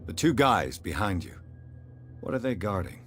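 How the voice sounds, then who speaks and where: An actor playing a composed investigator hero in a game, speaking in a measured, reserved way. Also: male voice, on the low side, big pitch swings, fairly bright tone, faint music behind.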